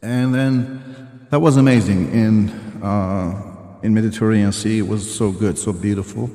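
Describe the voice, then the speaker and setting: A man appearing as a guest co-host on a live stream, speaking haltingly and searching for words as he chats. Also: fairly low pitch, fairly even intonation, dark tone. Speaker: guest co-host, travel channel creator. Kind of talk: casual live-stream chat. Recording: echoey room with long reverb.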